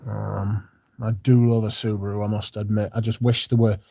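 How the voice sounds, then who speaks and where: A man's voice: fairly low pitch, little pitch movement, normal speed, vocal fry, mellow, no room sound, studio quality. A man hosting a casual livestream, sleepy and yawning, rambling and swearing as he chats to his viewers. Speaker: livestream host.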